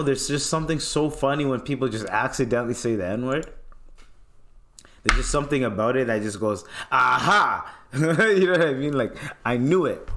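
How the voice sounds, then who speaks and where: A man hosting a podcast, ranting casually and animatedly with plenty of swearing and laughter. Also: medium pitch. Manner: animated, profane, often laughing. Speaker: podcast host. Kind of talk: casual comedic rant.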